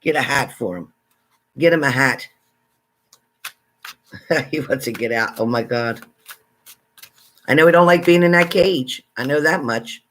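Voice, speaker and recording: A man hosting a casual livestream, chatting with viewers and greeting them by name, excitable and exclamatory. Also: mid-range voice, unhurried, long pauses, slight background noise. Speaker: livestream psychic reader. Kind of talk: casual live chat with viewers.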